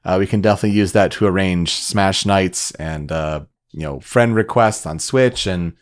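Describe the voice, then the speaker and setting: A man hosting a casual podcast chat, relaxed and asking his co-hosts questions, with plenty of fillers. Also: low voice, moderate pace. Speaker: podcast host.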